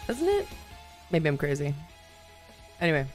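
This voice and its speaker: A woman hosting a live stream in casual chat, talking to her viewers and laughing often, her voice still a little hoarse. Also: low voice, wildly swooping pitch, moderate pace, darkish tone, soft background music. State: slightly hoarse, voice recovering. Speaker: livestream host.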